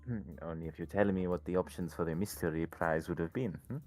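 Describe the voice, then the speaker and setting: Man, tabletop player, deep and expressive, faint music behind. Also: quick pace. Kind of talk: playing a character in a tabletop game.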